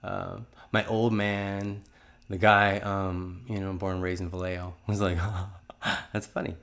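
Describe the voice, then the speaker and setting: A man's voice: sits low, little pitch movement, takes it slowly, gravelly, fairly bright tone. A man in his fifties telling a religious testimony in an earnest, rambling way, often restarting his sentences. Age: 50s. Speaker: testimony speaker.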